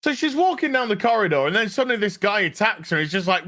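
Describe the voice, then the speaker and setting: A man's voice: sits high, sing-song, fast talker, hardly any pauses, bright, forceful tone. A man ranting sarcastically and with a lot of swearing while reviewing a show. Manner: sarcastic, profane.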